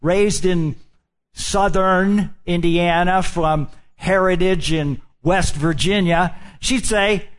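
Slow, lively-pitched preacher man. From Midwestern United States. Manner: emphatic, drawn-out phrases, asks the congregation questions. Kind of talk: sermon.

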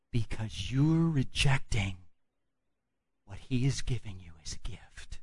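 A man preaching a sermon with emphatic delivery, swinging from loud proclamation down to hushed, almost whispered lines. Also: medium pitch, slightly rough, no echo.

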